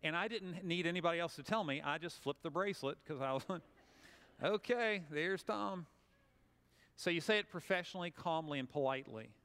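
A man's voice: on the high side, fast, fairly bright tone, clean tone. A man with a Southern US accent giving a conversational, humorous motivational talk, acting out little scenes for the audience. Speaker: speaker. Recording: long hall reverb.

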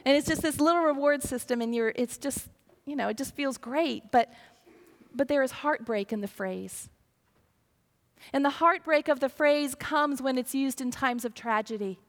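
Woman pastor, high voice, earnest sermon, long hall reverb. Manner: earnest, storytelling, acts out quoted voices.

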